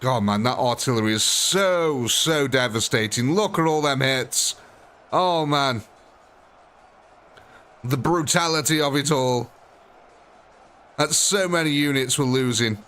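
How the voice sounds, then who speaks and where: A man streaming live gameplay, voice sitting at an ordinary middle pitch. He thinks aloud in a chatty way and talks directly to the units on screen as he sorts them out. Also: measured pace, long pauses, fairly bright tone, clear, resonant tone. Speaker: gaming streamer.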